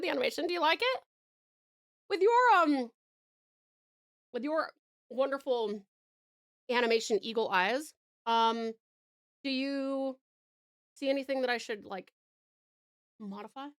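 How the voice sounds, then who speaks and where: A woman's voice: high voice, fairly bright tone. A woman with an Australian accent chatting casually on a live stream, giggling and eating as she talks. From Tasmania, Australia.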